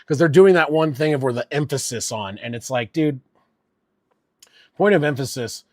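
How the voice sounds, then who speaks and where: A man calling a football game live from his home setup, casual and profane, and quick to get riled up over penalties. His voice sounds close and dry, with a mid pitch. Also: darkish tone, dry recording. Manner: casual, swears freely, gets worked up over calls. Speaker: streamer doing live play-by-play. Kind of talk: live sports play-by-play and reactions.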